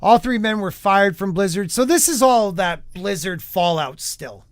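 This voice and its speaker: Casting: male podcast host, fairly high voice, dry close sound, loose rambling delivery. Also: animated, normal speed, no room sound. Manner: chatty, rambling with many fillers. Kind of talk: casual podcast chat.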